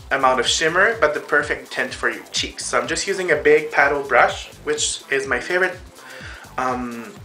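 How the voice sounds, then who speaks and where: A man talks viewers through a makeup look in a chatty, casual tutorial voice. His tone is bright and a little high for a man. Soft music plays faintly behind him. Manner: chatty, addresses viewers as girls and boys. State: out of breath.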